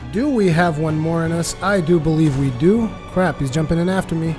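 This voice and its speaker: Man, gameplay commentator, joking and sarcastic, fairly high voice, game music behind. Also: brisk. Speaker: let's play commentator.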